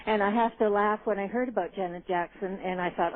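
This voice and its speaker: A woman's voice: mid-range voice, steady tone, a little fast, a little hiss or hum. A woman calling in to a radio show, talking in a rambling, indignant way and often agreeing with "absolutely". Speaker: caller. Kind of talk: call-in radio chat. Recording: tinny phone line.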